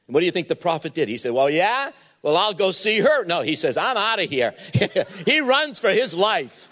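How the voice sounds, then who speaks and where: A man's voice: high voice, very animated, moderate pace, fairly bright tone. A man preaching a sermon as pastor, retelling a Bible story and acting out the voices in it.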